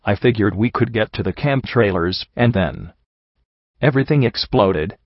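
A man reading a first-person story aloud in a steady, grim way. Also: on the low side, normal speed, dry recording. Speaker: audiobook reader. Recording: dull lo-fi recording.

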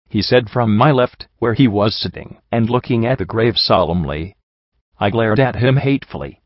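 Guy reading a sad storybook chapter, lowish voice, dry close sound. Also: expressive, normal speed, dry recording. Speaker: audiobook reader. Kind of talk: first-person storybook narration. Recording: dull lo-fi sound.

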